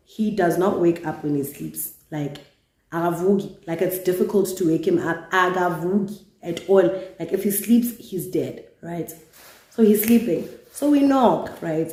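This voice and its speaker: A woman's voice: fairly low pitch, darkish tone. Chatty South African woman, roomy echo. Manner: chatty, mixes in Zulu slang. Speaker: vlogger. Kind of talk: casual storytime monologue.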